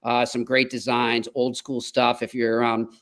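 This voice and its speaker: A man's voice: mid-range voice, monotone, a bit bright. Man, podcast co-host, casual upbeat chat, reads ads breezily. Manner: chatty, upbeat ad reads, quick asides.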